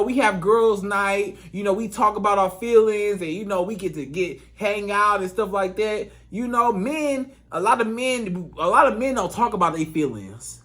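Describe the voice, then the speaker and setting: A man's voice: high voice, fairly bright tone. A man giving relationship advice in a casual, emphatic monologue, repeating his points in colloquial speech. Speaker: relationship coach.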